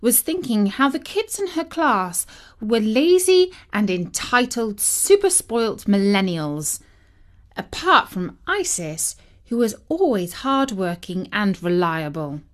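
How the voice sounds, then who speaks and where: A woman narrating a storybook in a measured, gently wry manner. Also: medium pitch, sing-song. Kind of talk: storybook reading.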